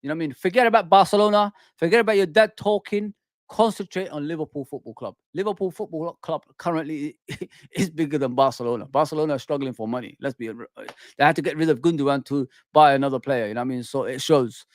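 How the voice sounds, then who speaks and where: Football fan host, male, heated and repetitive on a desk mic, high voice. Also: fast talker, no echo, clean studio sound. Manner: heated, repetitive, calls listeners "people" and "man". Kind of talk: ranting fan commentary. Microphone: desk microphone.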